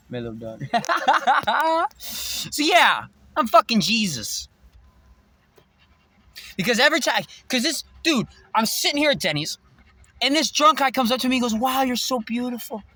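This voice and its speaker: Man vlogging, agitated profane rant, lively swinging pitch, bright dry sound. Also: measured pace, pauses often, dry recording. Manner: agitated, profane, swings between loud and muttered. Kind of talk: rambling monologue to camera.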